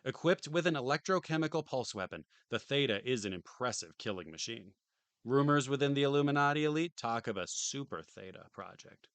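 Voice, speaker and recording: A man's voice: mid-range voice, animated, brisk, fairly bright tone, clean tone, no echo. A tired man streaming from home, reading a game manual aloud on a close desk mic and tossing in dry joking asides. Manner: dry, joking asides between read passages.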